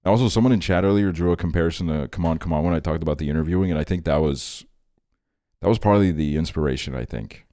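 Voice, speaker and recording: A man's voice: deep voice, fast talker, warm tone, dry recording. A man in his twenties chatting casually with his stream chat late at night, rambling and laid-back, often laughing. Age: 20s. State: tired.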